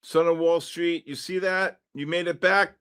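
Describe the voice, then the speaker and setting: Excitable man hosting live trading. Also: on the high side, moderate pace, clean tone. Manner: excitable, exclaiming, repeats himself. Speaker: trading livestream host.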